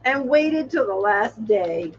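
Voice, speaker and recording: A woman's voice: on the high side, animated, slow pace, highs cut off, a little hiss or hum. A woman hosting her own livestream, talking in a rambling, chatty way with frequent laughs and exclamations. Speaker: channel host. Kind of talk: casual livestream commentary.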